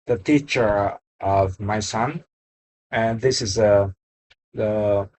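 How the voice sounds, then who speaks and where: A young man learning English speaks haltingly in a casual practice conversation, searching for words and often apologizing. His voice is lowish with a darkish tone, and the recording is rough.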